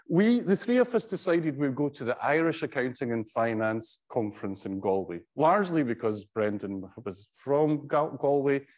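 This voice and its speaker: Middle-aged male professor, mid-pitched, halting and wry tribute speaker. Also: lively intonation, a little mellow. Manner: conversational, halting with frequent restarts; wry storytelling. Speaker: professor giving a tribute talk. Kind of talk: anecdotal tribute speech.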